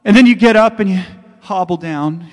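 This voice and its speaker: High-voiced man preaching in an echoing hall. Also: moderate pace. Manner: conversational storytelling, rising to fervent exclamation. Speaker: pastor. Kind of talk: sermon.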